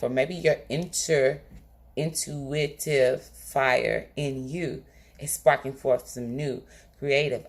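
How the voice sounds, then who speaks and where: A woman doing a tarot reading straight to her viewers, in a casual, colloquial style. She is emphatic and often stops to check in with "okay?". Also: sits low. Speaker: tarot reader. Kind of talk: direct-to-camera tarot reading.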